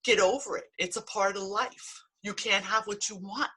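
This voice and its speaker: Blunt, emphatic woman with a bright, husky voice. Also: medium pitch, fairly even intonation, normal speed. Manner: blunt and emphatic, swears freely. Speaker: healing practitioner and coach. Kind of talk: motivational talk to camera.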